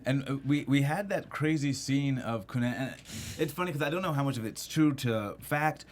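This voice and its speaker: A man talks quickly as a host of a TV after-show, with faint noise behind him. He tells his takes with enthusiasm and animation. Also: medium pitch. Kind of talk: casual TV review chat.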